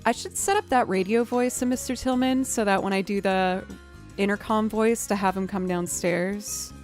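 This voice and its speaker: A woman musician chatting casually with her stream viewers, self-deprecating and laughing often, her pitch jumping up when she is surprised. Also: fairly even intonation, normal speed, a little mellow. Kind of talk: casual live-stream chat. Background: faint music.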